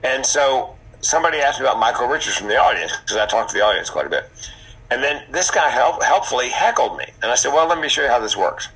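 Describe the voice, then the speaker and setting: Lively husky-voiced male storyteller. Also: mid-range voice, fast talker, low-quality recording. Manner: animated, punchy storyteller. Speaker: podcast guest, comedian. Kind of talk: casual storytelling.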